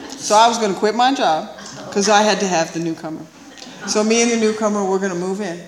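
A woman's voice: medium pitch, fast, a crowd in the background. Woman telling her story in an echoing hall. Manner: animated, confiding, laughs often, asks "right?". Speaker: speaker sharing a recovery story. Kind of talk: storytelling talk to an audience. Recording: roomy hall reverb, faint noise.

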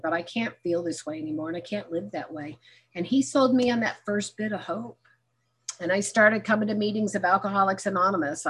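Husky middle-aged woman sharing her recovery story, candid and funny. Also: medium pitch, a bit bright. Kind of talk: personal testimony talk.

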